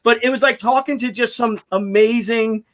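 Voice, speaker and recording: A man's voice: very high-pitched, fairly even intonation, moderate pace, a bit bright. A man who draws comics, telling anecdotes in casual chat and acting out the quotes with animation. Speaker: comic artist.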